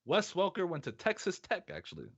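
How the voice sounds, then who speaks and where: A man's voice: high-pitched, a little fast, breathy edge, highs cut off. A man hosting a casual sports podcast, reading an ad and quizzing his co-host with a lot of laughter. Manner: lively, laughs often, reads ads casually. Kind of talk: casual sports quiz chat.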